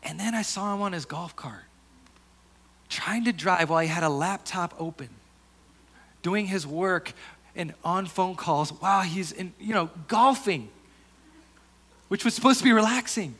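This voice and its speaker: A man delivers a sermon with a slightly higher pitch than most men. He speaks earnestly and conversationally, restarting phrases and sinking into quieter asides before lifting again. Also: measured pace, pauses often, slightly rough. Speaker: pastor.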